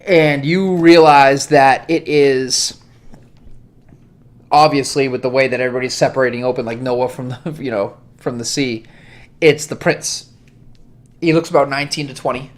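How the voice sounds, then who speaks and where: A man's voice: mid-range voice, fairly even intonation, moderate pace. Casual, chatty male game master. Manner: casual, chatty, laughing, many fillers. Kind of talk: narrating a tabletop game.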